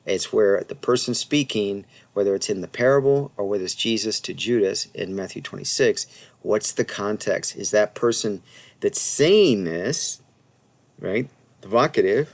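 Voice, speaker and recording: A man with a low, gravelly voice teaches New Testament Greek in a loose, conversational way. He sounds out the Greek slowly and talks through his points with plenty of ums and restarts. He speaks into a desk mic. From United States. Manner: explanatory, thinks aloud with many fillers and restarts; reads Greek slowly and carefully. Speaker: Bible teacher. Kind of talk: casual screen-share Greek lesson.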